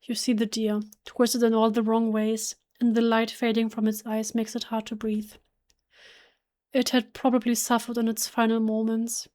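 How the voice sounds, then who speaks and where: A German-native woman reads horror game narration aloud, hushed and emotional, often stumbling and restarting mid-word. Her voice sits fairly high but moves little in pitch. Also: monotone, normal speed. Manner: emotional, hushed, with self-corrections. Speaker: let's play gamer. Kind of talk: reading game text aloud.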